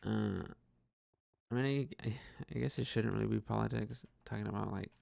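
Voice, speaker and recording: A man's voice: on the low side, fairly even intonation, a little fast, gravelly, a little mellow, no echo. A young man rambling hesitantly about his life while gaming, full of fillers and restarts, swearing casually. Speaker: podcaster.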